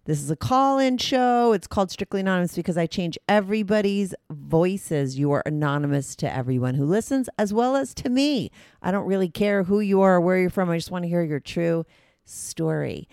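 Woman host, chatty and loose, low-pitched, dry booth sound. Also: lively intonation, fairly quick, a little mellow, clear, resonant tone, no echo. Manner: chatty, loose, with fillers and repeats. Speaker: podcast host. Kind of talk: casual chat.

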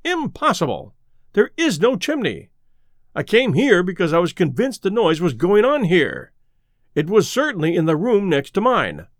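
A man voicing a sharp, angry lawyer. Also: high voice, wildly swooping pitch, normal speed, no echo, clean studio sound. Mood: agitated. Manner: sharp, indignant. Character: angry rough-haired male lawyer.

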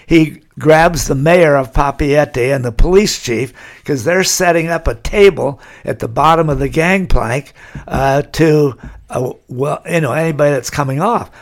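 Older man, from california, rambling storyteller, slightly high voice. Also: normal speed. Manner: rambling anecdotal storyteller, chuckles. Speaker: guest. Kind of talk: storytelling interview.

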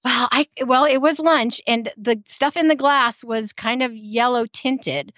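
A woman's voice: fairly high pitch, a little slow, fairly bright tone, no room sound, highs cut off. A woman co-hosting a podcast, chatting casually and giggling while she acts out lines from a TV show. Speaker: podcast co-host. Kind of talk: casual recap chat.

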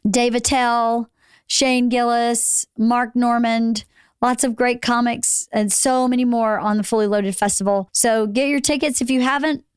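A middle-aged woman with a Southern US accent hosting a podcast, hoarse from losing her voice, chatting and laughing often. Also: a little high, no room sound, clean studio sound. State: hoarse, recovering lost voice. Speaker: podcast host. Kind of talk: casual chat.

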